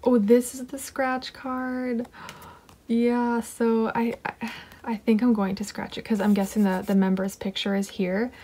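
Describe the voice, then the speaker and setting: A woman's voice: on the high side, a little slow. Giggly woman gushing over an unboxing. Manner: excitable, giggly, gushing, drops to whispers. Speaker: unboxing vlogger. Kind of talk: casual unboxing chat. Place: home desk.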